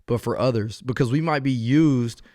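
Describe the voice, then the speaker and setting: A man's voice: mid-range voice, moderate pace, dark tone, no echo. Host, male officer; earnest interviewer with long reflective questions, mid voice, dry and close. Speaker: podcast host and police officer.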